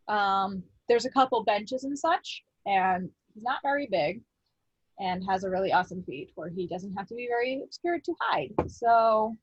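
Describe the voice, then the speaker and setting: Husky gm lady, kinda high voice, bit lo-fi, chill and rambly. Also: dry recording. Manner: relaxed, filler-heavy, thinks aloud. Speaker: game master. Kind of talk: running a tabletop game online.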